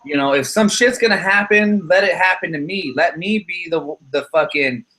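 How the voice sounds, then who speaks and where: A man's voice: high voice, moderate pace, sharp tone. Profane, rambling man venting. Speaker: channel host. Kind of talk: casual podcast chat.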